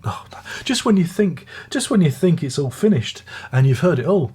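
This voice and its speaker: With a fairly high, sing-song voice that is warm and a little breathy, an older British man reviews an album at a moderate pace. He rambles casually, restarting sentences and making friendly asides along the way.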